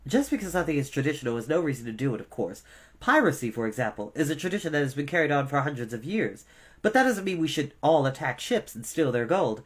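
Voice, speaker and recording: A man's voice: on the high side, expressive, fast. A man reading a children's novel aloud as a storyteller, adding asides to his listeners.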